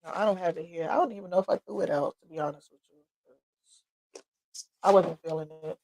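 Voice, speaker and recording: Tearful, candid woman with a gravelly voice. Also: on the low side, a little fast, darkish tone, rough recording. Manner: candid, emotional, tearful, with blunt asides. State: tearful and sniffling. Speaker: livestream host. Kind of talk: personal testimony talk. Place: home workshop.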